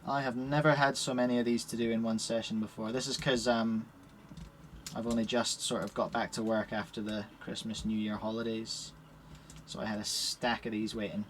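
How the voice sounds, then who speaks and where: A man's voice: on the low side, flat delivery, moderate pace, a little hiss or hum. A man with a Scottish accent chatting casually on a live stream while setting up puzzle cubes in a shed. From Scotland. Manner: chatty, cheerful, talks while working with his hands.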